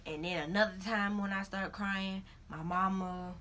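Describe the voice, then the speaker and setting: A young woman tells a story in a casual vlog. Her voice is bright and clear, and she acts out the lines of others, jumping high when she quotes herself. Faint noise sits behind her. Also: normal speed. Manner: animated, acts out her own crying in high-pitched quotes. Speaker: vlogger.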